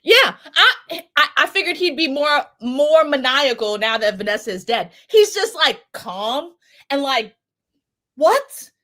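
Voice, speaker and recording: A woman chatting casually as a podcast co-host, excitable and profane, telling it with lots of energy. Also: high voice, a little slow. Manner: excitable, profane, animated storytelling. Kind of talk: casual chat.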